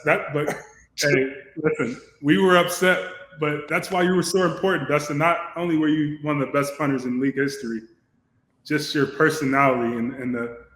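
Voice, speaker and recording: A man's voice: medium pitch, steady tone, brisk, a bit bright. A man, a former lineman, co-hosting a podcast and speaking earnestly and appreciatively to his guest. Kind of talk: casual podcast chat. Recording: roomy echo.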